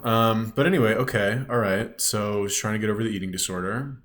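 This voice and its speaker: A man's voice: on the low side, fairly quick, fairly bright tone. A man giving a ranting reaction commentary as a YouTube commentator, blunt, scornful and swearing often.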